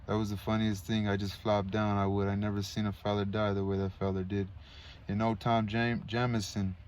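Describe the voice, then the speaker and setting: A man voicing a wounded, rambling male soldier who talks in a slow, rustic, slurred drawl. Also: on the low side, flat delivery, darkish tone, slight background noise, close to an everyday voice.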